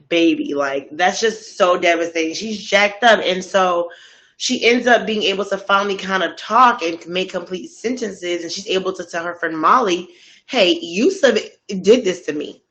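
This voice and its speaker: A woman's voice: fairly low pitch, bright, forceful tone, rough recording. A woman casually recapping a true-crime story while eating, in a slangy, conversational way. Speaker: storytelling host.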